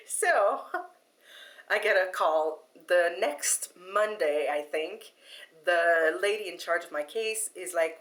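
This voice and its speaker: Animated woman telling a story. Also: on the low side, takes it slowly. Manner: animated, laughing, frequent fillers and restarts. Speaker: vlogger. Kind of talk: casual storytelling to camera.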